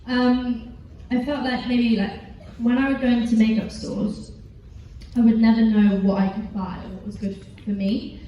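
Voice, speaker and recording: A teenage actress with an English accent, a guest on a panel, answers fan questions in a large convention hall, chatty and giggly and rambling with lots of fillers. Her mellow voice is fairly high with little pitch movement, at a moderate pace, and the highs are cut off. The echoey hall recording is captured from far off with faint noise.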